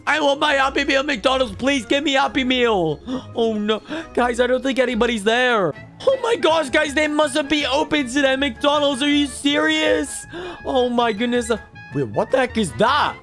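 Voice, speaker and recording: A man voicing an excitable, cheeky baby boy in game commentary, squealing and talking straight to viewers. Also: very high voice, normal speed, faint music behind. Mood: whiny. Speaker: gaming YouTuber.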